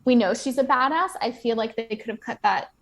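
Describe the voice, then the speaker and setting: A woman's voice: fairly high pitch, fairly quick. A woman guest on a podcast, chatting casually and explaining screenwriting points thoughtfully. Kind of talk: casual chat.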